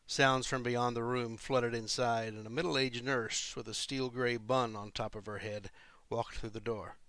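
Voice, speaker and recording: Guy reading his own manuscript, steady mid-pitch voice, dry close sound. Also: no room sound. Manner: measured first-person storytelling. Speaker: author and podcast host.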